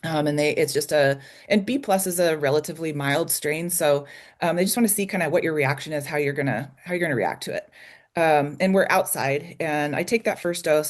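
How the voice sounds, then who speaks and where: A woman guest telling a candid, emotional personal story in an interview, with many ums and restarts. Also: sits low. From United States. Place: small logging community in Idaho.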